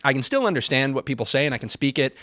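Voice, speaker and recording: Easygoing male panelist, dry studio sound, even middle voice. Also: medium pitch, racing, no echo. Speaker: show regular. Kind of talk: casual panel chat.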